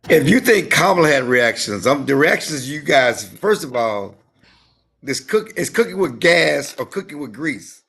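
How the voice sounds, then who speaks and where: A man co-hosting a sports podcast in casual chat, animated and given to repeating himself. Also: a little high, unhurried, vocal fry, slightly rough. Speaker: podcast co-host.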